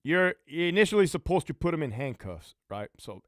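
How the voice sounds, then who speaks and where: A man's voice: on the high side, normal speed, dry recording. Cursing ex-prison lieutenant guy on a live stream, bouncy voice going up and down, real dry sound. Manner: profane, blunt, animated storyteller. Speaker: livestream host and former prison lieutenant. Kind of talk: casual livestream Q&A storytelling.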